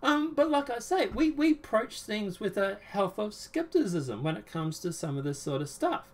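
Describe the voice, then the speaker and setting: A man's voice: sits high, very animated, normal speed. A man hosting a casual political chat show, talking in a rambling, sarcastic, emphatic way. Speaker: show host.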